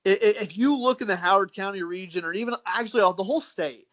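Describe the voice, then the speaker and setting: High-voiced Midwestern man chatting casually. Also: fast, muffled recording. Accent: Midwestern American. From United States. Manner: relaxed, repeats words, says "dude" and "man". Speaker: guest, sports podcaster. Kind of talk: casual chat.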